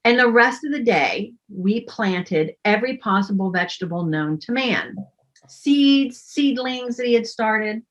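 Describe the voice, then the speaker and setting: A woman's voice: on the high side, lively intonation, unhurried. A woman storyteller telling a personal story in a casual way, with wry, self-deprecating humor.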